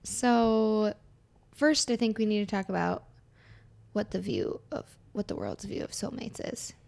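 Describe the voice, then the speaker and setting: A woman co-hosting a faith podcast in casual chat, upbeat and quick to laugh. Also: mid-range voice, gravelly, a little mellow. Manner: giggly, upbeat. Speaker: podcast co-host.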